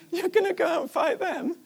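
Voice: medium pitch, very animated, slow, vocal fry, a little mellow, breathy edge, full character voice. A preacher acting out a scornful older brother who laughs and scoffs at his younger sibling. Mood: scoffing.

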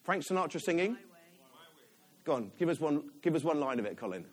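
A middle-aged man delivers a sermon in a lively, talkative way. His voice sits a bit high for a man and swings widely in pitch, and he often stops and restarts mid-thought. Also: fairly quick. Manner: animated, chatty, self-interrupting with laughs. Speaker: preacher.

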